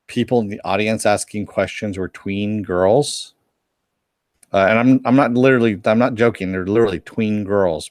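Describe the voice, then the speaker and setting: Male co-host, lowish voice, dry close recording, rambling joker who restarts sentences. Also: darkish tone, dry recording. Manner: rambling storyteller with frequent restarts, joking and self-mocking. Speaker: podcast co-host reporting on a convention. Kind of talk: casual live-stream chat.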